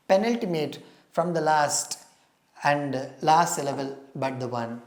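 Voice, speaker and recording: A woman's voice: low voice, measured pace. A woman teaching exam preparation and explaining, repeating key terms as she goes. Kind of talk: recorded exam-prep lecture. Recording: roomy echo.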